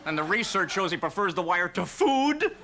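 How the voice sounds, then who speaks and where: High-voiced man doing stand-up, noisy studio. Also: normal speed. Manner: deadpan delivery with sudden shrill outbursts when acting out scenes. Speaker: stand-up comedian. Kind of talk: stand-up routine. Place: TV studio stage before a live audience.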